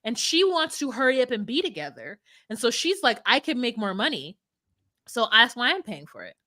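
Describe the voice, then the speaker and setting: A woman co-hosting a casual podcast, animated and swearing freely, mimicking people in a mocking voice. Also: fairly high pitch, moderate pace. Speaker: podcast co-host recapping a reality show. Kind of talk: casual chat.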